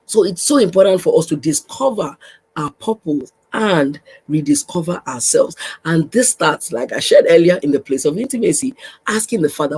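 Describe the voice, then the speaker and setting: Husky-voiced woman preaching encouragement. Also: low voice, lively intonation, moderate pace, low-quality recording. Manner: repetitive, exhorting, addresses listener warmly. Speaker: podcast host, pastor's wife. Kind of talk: faith podcast teaching.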